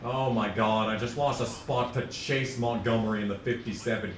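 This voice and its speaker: A man's voice: medium pitch, fairly even intonation, moderate pace, hardly any pauses. A young man streaming a racing game, ranting and joking with sarcastic, profane asides. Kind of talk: casual gaming commentary. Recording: echoey room, distant mic, faint noise.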